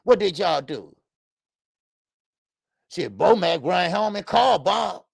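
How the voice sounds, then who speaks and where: A man with a deeply gravelly, slightly raised voice rants on a boxing livestream. He talks bluntly and profanely, circling back to repeat his points as he gets worked up. The sound is close and dry, with no room around it. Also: very animated, slow pace, dry recording. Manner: blunt, profane, repetitive, heated. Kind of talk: heated livestream rant.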